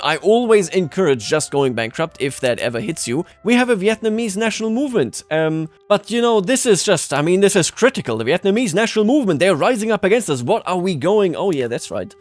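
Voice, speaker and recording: A man from Bavaria giving playful, sarcastic commentary over his strategy game, chuckling often. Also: medium pitch. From Bavaria, Germany. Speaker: strategy game video creator. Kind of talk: gameplay commentary.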